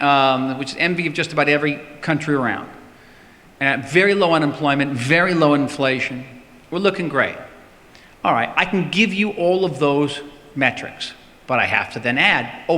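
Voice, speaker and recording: Bright-voiced guy answering questions in a hall, emphatic, repeats himself, big reverb. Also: on the high side. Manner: emphatic, repeats words for stress. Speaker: politician answering audience questions. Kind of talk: public talk with Q&A. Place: synagogue hall.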